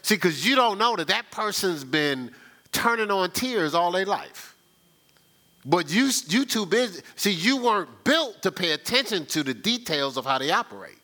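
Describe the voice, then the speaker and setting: A man's voice: high-pitched, sing-song, moderate pace, bright, forceful tone. A man preaching a conversational sermon, telling stories in a folksy, chatty way and often repeating himself. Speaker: pastor. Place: church sanctuary.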